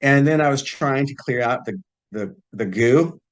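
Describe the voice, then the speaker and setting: Man guest, mid-pitched, easygoing storyteller who acts out the quotes. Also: measured pace. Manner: relaxed, acts out quoted dialogue. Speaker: podcast guest, psychic healer. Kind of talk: casual storytelling.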